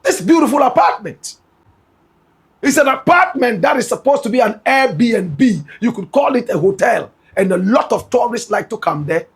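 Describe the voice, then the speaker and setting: A man's voice: extremely high pitch, animated, normal speed, slightly rough. A man with a Ghanaian accent giving dramatic gossip news commentary, emphatic and speaking straight to his listeners. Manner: emphatic, repeatedly addresses listeners as "my brother, my sister".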